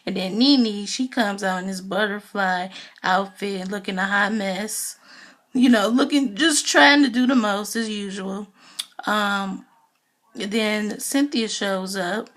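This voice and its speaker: A woman's voice: medium pitch, steady tone, slow, fairly bright tone. A woman giving a casual, gossipy recap of a reality TV episode, talking loosely with lots of "you know" fillers. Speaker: TV show reviewer.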